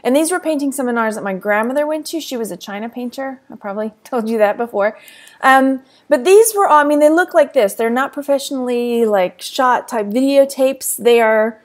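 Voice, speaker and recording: Chatty Texan woman with a high voice. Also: expressive, brisk. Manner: chatty, rambling, laughs often. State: tired, yawning. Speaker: reseller vlogger. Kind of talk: casual chat to camera.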